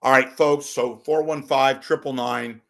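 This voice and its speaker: A man's voice: mid-range voice, steady tone, unhurried, vocal fry, fairly bright tone. Profane, wisecracking male talk host. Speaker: host of a call-in show. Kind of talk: casual rambling monologue.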